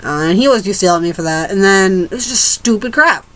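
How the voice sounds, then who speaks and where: A woman's voice: mid-range voice, expressive, quick pace, fairly bright tone, rough recording. A teenage girl ranting to camera in a rambling, casual way, restarting her sentences and swearing freely. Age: teens. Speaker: vlogger.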